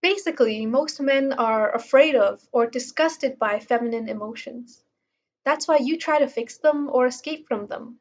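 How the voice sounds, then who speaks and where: A woman's voice: fairly high pitch, moderate pace, lo-fi sound. A woman reading passages from a self-help book aloud and commenting on them in a casual way, with many fillers. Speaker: book reviewer.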